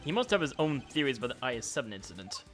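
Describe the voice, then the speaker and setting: A man voicing a serious, composed male prosecutor who speaks in a measured, reserved, dry way. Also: mid-range voice, very animated, fairly bright tone, soft background music.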